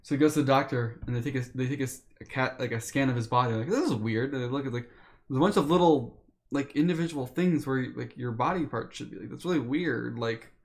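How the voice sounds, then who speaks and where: A man streaming, retelling a story in a casual, animated way with lots of fillers. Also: mid-range voice, quick pace. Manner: animated retelling, with many fillers and acted quotes.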